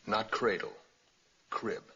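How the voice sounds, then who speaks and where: A man's voice: lowish voice, sing-song, slow, pushed and bright, full character voice. An actor playing a suave, confident male master thief who talks in a wry, teasing way. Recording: muffled 1960s TV soundtrack with clear hiss.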